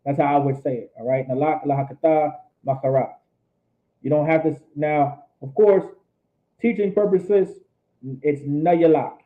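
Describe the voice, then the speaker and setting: A man teaching a language lesson, repeating phrases slowly and explaining them. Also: a little high. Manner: slow, repetitive drilling of phrases. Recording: tinny phone-like audio.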